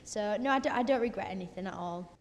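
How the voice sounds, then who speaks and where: A woman's voice: mid-range voice, fast, muffled recording, slight background noise. A young woman, a singer talking casually in an interview, chatty with many fillers and restarts. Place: office space. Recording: long reverb in an office space.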